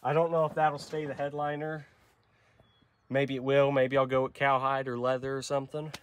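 A man's voice: medium pitch, level tone, moderate pace. A young man with a nasal voice from a cold, talking casually and rambling as host of a truck vlog. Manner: rambling, unscripted, many fillers. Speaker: channel host.

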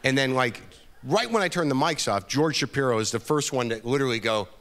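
A man's voice: mid-range voice, expressive, fairly quick, fairly bright tone. A middle-aged male comedian telling a long story live on stage, wry and rambling. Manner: wry, rambling, lots of "you know" and "like". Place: event stage.

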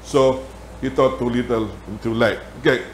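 A man's voice: mid-range voice, moderate pace, slight background noise. Filipino-accented man teaching in an echoey church. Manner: animated storytelling with laughter. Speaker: Sabbath school teacher. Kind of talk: church Bible lesson. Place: church hall.

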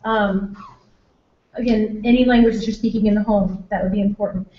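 A woman's voice: medium pitch, steady tone, a little fast. A woman teacher presenting a workshop to parents, chatty, with many fillers and restarts. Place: school room or hall. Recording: echoey room, dull lo-fi sound.

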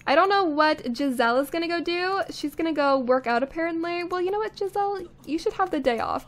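A young woman giving casual, chatty gameplay commentary, thinking aloud with frequent little laughs, recorded on a condenser mic. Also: high voice. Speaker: let's play host. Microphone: studio condenser microphone.

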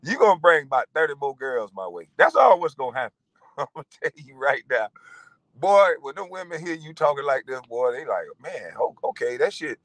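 A man in his forties ranting in a profane monologue, animated and mocking, breaking into laughter. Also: mid-range voice, a little fast, dry recording, low-quality recording. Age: 40s. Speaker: vlogger.

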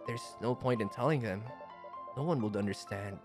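A man reading a visual novel aloud as a shy, anxious teenage schoolgirl narrator, speaking softly and hesitantly. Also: lowish voice, normal speed, music in the background, close to an everyday voice. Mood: subdued. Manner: soft, hesitant, self-doubting.

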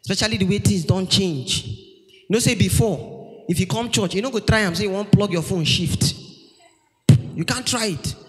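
A man with a Nigerian accent doing stand-up comedy on a church stage, telling stories with animated shouts. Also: high voice, moderate pace, pauses often. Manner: animated storytelling, shouting punchlines, acting out family members. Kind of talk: stand-up comedy in Pidgin-laced English. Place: large church hall stage. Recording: live hall with long reverb and faint music.

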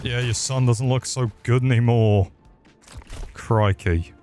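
A gaming streamer talks slowly in a darkish, medium-pitched voice over soft background music. He rambles through crude, profane, comedic commentary as he plays a video game.

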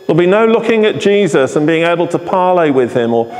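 Guy giving an earnest sermon, repeats himself for emphasis, kinda high voice, big echoey hall. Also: very animated, fast talker, a little mellow, faint music behind. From England. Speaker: pastor. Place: church service in a hall. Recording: live hall with long reverb.

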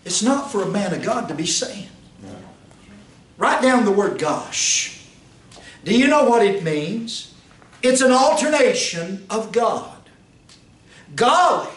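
A man, a pastor teaching a Bible class, preaching with rhetorical questions and sudden shouts. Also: very animated, slow pace, long pauses. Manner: rhetorical questions, pitch swings, rises to shouts. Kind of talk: fiery preaching. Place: church classroom. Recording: roomy, distant mic, faint hiss.

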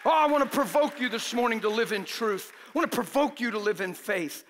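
A man preaching a fervent, exhorting sermon that bursts into shouting, in a church. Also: very high-pitched, animated, a little fast, big-room sound, some chatter behind.

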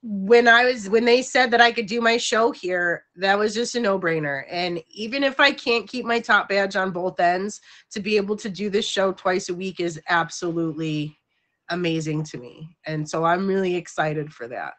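Middle-aged woman stream host, bright and ringing, frank and rambling, quick to laugh. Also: medium pitch. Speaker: livestream show host. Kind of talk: casual chat.

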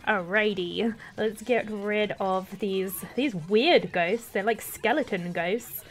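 A woman's voice: medium pitch, takes it slowly. A young woman chatting casually while playing a game live with others, giggling often and explaining the rules to her teammates. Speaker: game streamer. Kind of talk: casual live gameplay chat with co-players.

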